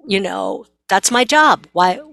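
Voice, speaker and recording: A woman's voice: medium pitch, wildly swooping pitch, slow, vocal fry, pushed and bright, full character voice. A woman acting out a defensive middle-aged mother in a skit. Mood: indignant.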